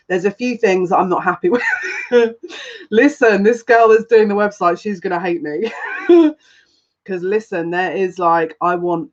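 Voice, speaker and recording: On a lo-fi recording, a woman with a fairly low voice hosts a live stream as a psychic reader. She rambles casually, greets each viewer by name, and has a noticeable accent that viewers compliment.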